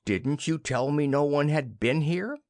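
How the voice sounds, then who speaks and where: Patronizing husband, read by a man, scolding, lively pitch, dry sound. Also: measured pace, no room sound. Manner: scolding, condescending. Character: patronizing middle-aged husband, bank manager.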